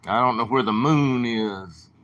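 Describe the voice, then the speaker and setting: A man's voice: mid-range voice, measured pace, a bit bright, highs cut off. A man with a southern drawl, rambling casually to viewers on his late-night livestream. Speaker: livestream host.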